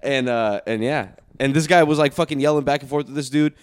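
A young man, trading stories in a loose, profane chat. He talks very quickly, at an ordinary pitch, and keeps laughing as he goes. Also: smooth. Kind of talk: casual podcast chat.

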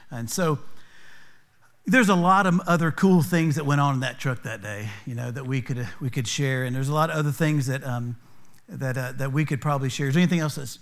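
A man's voice: mid-range voice, fairly bright tone. A man hosting a church podcast as a youth pastor, openly emotional and rambling, with frequent restarts. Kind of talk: casual podcast talk with scripture reading.

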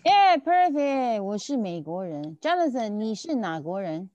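A woman's voice: a little high, very animated, unhurried, warm tone, no echo, highs cut off. A woman teaching a language lesson, patiently repeating and checking that her students follow. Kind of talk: online tutoring lesson.

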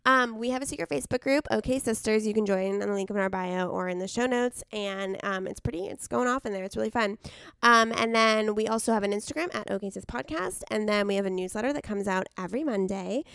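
Smooth-voiced chatty woman podcaster. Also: medium pitch, fast, hardly any pauses, a bit bright, no room sound, studio quality. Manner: chatty, swears casually. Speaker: podcast co-host. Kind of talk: casual chat.

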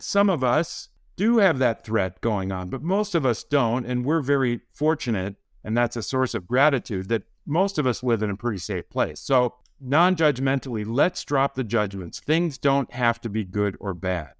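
A man, a physician guest on a podcast, explaining ideas in a calm, measured way. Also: medium pitch, no room sound, clean studio sound. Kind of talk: conversational interview.

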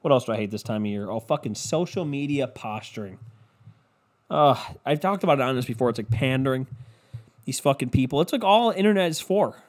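A male podcast host rants on his own in a loose, comedic way, swearing often. His pitch sits in an ordinary middle range, and his delivery is casual and offhand. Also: lively intonation, a little fast. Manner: profane, loose and ranting.

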